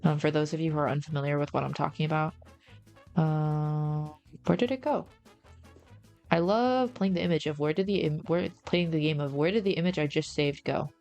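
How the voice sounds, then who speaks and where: Low, gravelly-voiced woman rambling on stream. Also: normal speed, darkish tone, highs cut off, faint music behind. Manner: rambling, slangy, says bro a lot; reads and answers chat. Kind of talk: casual livestream chat.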